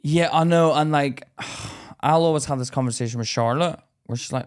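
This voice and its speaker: A man co-hosting a podcast, chatting casually in a blunt, sweary way with quick stories. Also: medium pitch. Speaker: podcast co-host. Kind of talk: casual chat.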